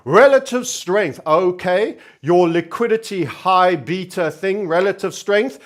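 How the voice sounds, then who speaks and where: A man hosting energetic market commentary, theatrical and cheery yet sardonic and doom-laden. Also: sits high. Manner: theatrical, energetic and cheery, self-styled entertainer.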